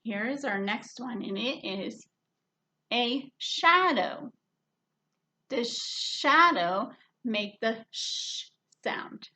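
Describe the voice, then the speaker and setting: Librarian lady doing kids story time, real slow and sing-songy, kinda high voice. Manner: slow, sing-song teacher voice, drawn-out words, hushed shushing. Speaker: children's librarian. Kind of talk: story hour phonics lesson for kids.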